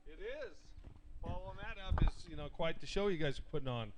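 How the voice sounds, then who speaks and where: A man's voice: a little high, huge pitch swings, brisk, creaky. A man, a tournament angler, giving plain, modest answers at a weigh-in and thanking his sponsors. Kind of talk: casual interview answers.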